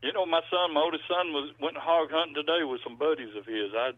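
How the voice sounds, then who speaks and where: A man's voice: on the high side, fast, no room sound. Man, middle-aged, folksy rambling storyteller, thin telephone sound. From Georgia, US. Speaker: musician guest. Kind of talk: casual phone interview. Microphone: landline telephone. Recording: dry, tinny phone line.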